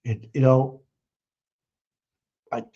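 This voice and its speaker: A man talks over courtroom footage in a loose, scornful rant full of swearing. His voice sits at an ordinary pitch, and the audio comes through slightly muffled and lo-fi. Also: sing-song, drawn-out words, creaky, warm tone, husky. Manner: mocking, profane ranting. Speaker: livestream host. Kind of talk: live commentary over trial footage.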